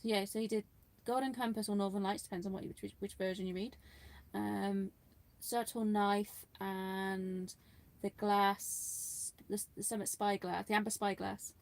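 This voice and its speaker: A woman's voice: medium pitch, little pitch movement, measured pace. A woman co-hosting a casual livestream chat, teasing her co-host, giggling, and reading out viewer comments.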